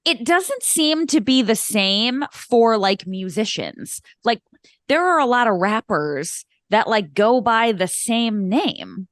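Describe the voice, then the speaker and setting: Lively chatty woman podcast co-host. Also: fairly high pitch, slow pace, no echo, studio quality. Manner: chatty, rambling, laughs often. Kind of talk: casual chat.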